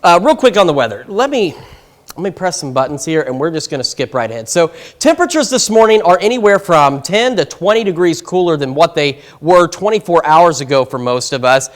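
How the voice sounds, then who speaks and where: A man's voice: fairly high pitch, lively intonation, fairly quick. A man giving a live morning TV weather forecast, chatty and a bit flustered, out of breath. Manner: flustered, chatty, self-interrupting. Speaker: weather anchor. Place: TV news studio.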